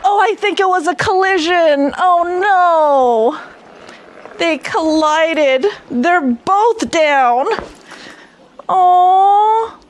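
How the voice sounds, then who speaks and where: A woman hosting a video, excitedly commenting outdoors as two small drones fly, giggling and fussing over them like pets. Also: extremely high pitch, very slow. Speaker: vlog host testing drones. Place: outdoors near a garage.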